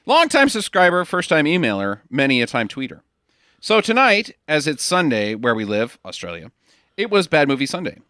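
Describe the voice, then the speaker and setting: Jokey podcast host dude, lively voice, kinda high. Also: male voice, moderate pace, no echo, clean studio sound. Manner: upbeat, jokey. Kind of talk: casual chat.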